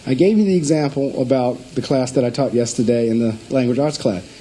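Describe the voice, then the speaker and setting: A man's voice: mid-range voice, a little fast, warm tone, slight background noise, poor audio. A middle-aged man, a school principal, giving a presentation to district staff and telling stories with emphatic, preacher-like delivery. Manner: storytelling speaker acting out phone calls.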